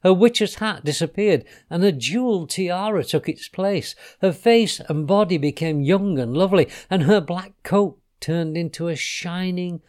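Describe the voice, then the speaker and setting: A man reading a children's storybook aloud, his voice slightly raised in pitch and rising and falling in a lively way. He tells it expressively, with gentle drops at the ends of phrases. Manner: expressive, dropping softly on speech tags.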